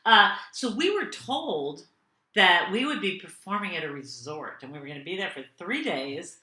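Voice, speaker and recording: A woman guest comedian telling a story in casual chat, animated and often laughing. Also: on the low side, normal speed, roomy sound.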